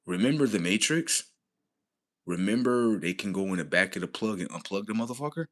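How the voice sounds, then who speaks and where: A man rambling on a casual livestream, profane and slangy, laughing often and swinging between loud outbursts and low mumbles. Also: expressive, a little fast.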